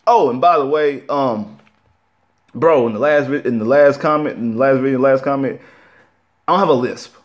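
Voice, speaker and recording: A man's voice: mid-range voice, moderate pace, muffled recording. Young male sports vlogger, heated casual rant, repetitive and slangy. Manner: animated, repetitive, frustrated, slangy.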